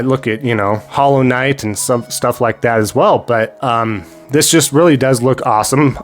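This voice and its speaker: A man with a sick, hoarse voice hosts a gaming channel, giving rambling casual commentary on new games, full of fillers and thanks to viewers. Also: mid-range voice.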